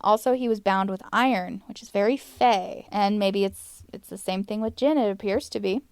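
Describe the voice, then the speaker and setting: A young woman talks casually on a podcast, tossing in wry, amused asides. Her voice is smooth and clear, at a middle pitch. The sound is dry and close to the mic. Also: moderate pace, no room sound. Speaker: podcast host. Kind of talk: casual chat about demon lore.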